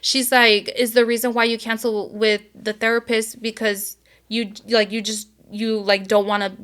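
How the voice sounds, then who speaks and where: A woman's voice: a little high, flat delivery, moderate pace, a bit bright. A young adult woman, co-host of a podcast, telling a story in casual chat with lots of quoting and swearing.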